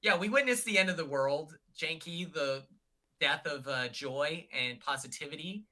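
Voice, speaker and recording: A man's voice: fairly high pitch, moderate pace, bright, forceful tone. A young man rambling in a casual livestream chat with lots of fillers, on a call. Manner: chatty, rambling, many fillers. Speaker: guest.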